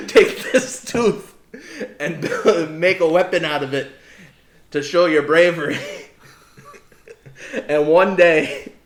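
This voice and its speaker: A man voicing the Loch Ness Monster as a grand, angelic female creature, with a deliberately bad Scottish-style accent. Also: medium pitch, a bit bright, echoey room, natural voice. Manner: grand, solemn, breaking into laughter.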